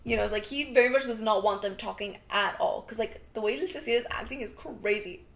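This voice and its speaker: A young adult woman co-hosting a podcast, casually recapping a TV drama in a rambling, animated way full of "like" fillers. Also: mid-range voice, a little fast, creaky. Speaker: podcast co-host.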